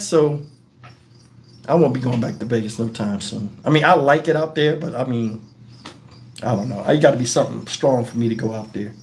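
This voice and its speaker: High-voiced man telling stories on a live stream. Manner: animated, profane, laughs through his stories. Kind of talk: casual storytelling on a live stream.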